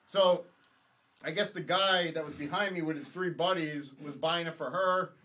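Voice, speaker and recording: A man's voice: a little high, moderate pace, bright, forceful tone, a little hiss or hum. A man in his thirties telling a long story in a casual chat, stumbling over repeated words and acting out the lines he quotes.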